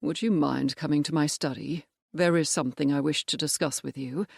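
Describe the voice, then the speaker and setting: A narrator voicing a stern male cavalry major who speaks in a measured, firm way in an audiobook. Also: a little high, steady tone, vocal fry, slightly rough, no room sound, clean studio sound. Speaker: character in an audiobook. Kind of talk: audiobook character voice.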